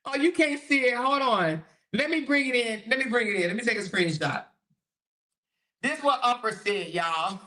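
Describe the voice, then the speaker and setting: A woman's voice: fairly high pitch, lively intonation, normal speed, bright, forceful tone. A woman hosting a casual livestream, reading viewer comments aloud, swearing freely and laughing often.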